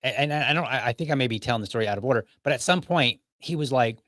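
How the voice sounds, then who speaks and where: A man's voice: mid-range voice, very fast, a bit bright, no room sound. Dry-voiced man telling a story wryly. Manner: storytelling, argumentative and wry. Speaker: podcast host. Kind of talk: casual podcast monologue.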